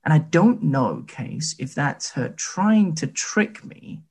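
A man's voice: on the high side, very animated, slow, husky. A man in his late twenties chatting casually on a podcast, telling rambling, self-deprecating stories. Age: late 20s. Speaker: podcast co-host. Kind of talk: casual chat.

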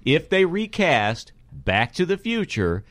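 A man hosting an interview in a relaxed, joking way. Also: a little high, slow, dry recording. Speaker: host. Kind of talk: casual interview chat.

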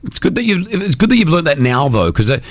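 A man hosting a morning radio show in a studio, upbeat and quick to laugh. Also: a little high, very animated, no echo. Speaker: radio host.

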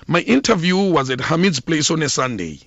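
A middle-aged South African man recounts his career as an interview guest, his voice rising and falling with a lively, expressive swing. The sound is dry and close but slightly dull and muffled. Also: on the high side, brisk, vocal fry, no echo. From Eastern Cape, South Africa. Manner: animated, expressive storyteller. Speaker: guest, former football club PR officer. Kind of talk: radio interview storytelling.

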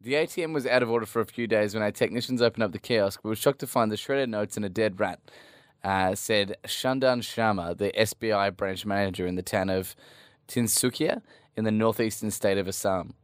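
Male co-host, playful and jokey, lower voice, dead-dry studio sound. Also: fairly quick, clear, resonant tone, no room sound. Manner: jokey, punning, puts on silly voices. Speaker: podcast co-host. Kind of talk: casual chat.

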